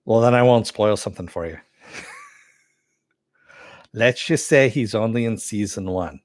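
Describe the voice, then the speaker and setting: Low-voiced guy rambling through a show review, lots of uhs, dry close sound. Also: measured pace, no echo. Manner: rambling, many fillers and self-corrections; reads and answers live chat. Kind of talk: casual spoken review.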